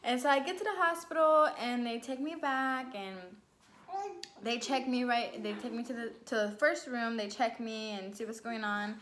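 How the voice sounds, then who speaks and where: A woman vlogger casually telling a personal story to camera, chatty and lively, full of "like" and "you know", and acting out her own past lines with big leaps in pitch. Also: normal speed, a little hiss or hum.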